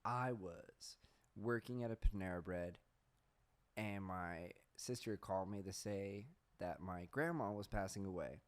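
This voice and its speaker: Young male podcast host, lowish voice, loose rambling storyteller who swears freely. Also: a little slow. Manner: rambling, swears often, laughs at himself; reads search results aloud. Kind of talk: casual storytelling chat.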